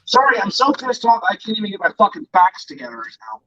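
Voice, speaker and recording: A man's voice: sits high, expressive, fast, creaky, sharp tone. A man ranting angrily and profanely as co-host of an online talk show, speaking from his bedroom. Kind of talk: angry political rant. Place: bedroom at home. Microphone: distant from mic. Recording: dull lo-fi audio.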